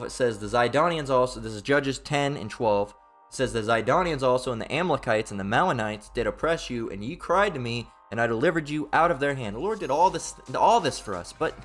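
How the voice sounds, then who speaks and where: With a Southern US accent, a man delivers an informal Bible teaching sermon, reading scripture before launching into heated, profane, repetitive rants. His mid-range voice is animated and a little fast, with soft music playing in the background.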